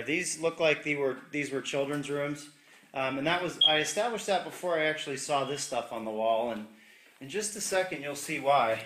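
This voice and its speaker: A bright-voiced man chats his way through an empty house, cracking little jokes as he points things out. His words ring off the bare walls of the echoey rooms, caught on a handheld camera mic. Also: mid-range voice, slight background noise. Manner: upbeat, jokey, chatty. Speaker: real estate agent giving a property tour. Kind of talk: casual walkthrough narration. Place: inside a large empty house, walking room to room.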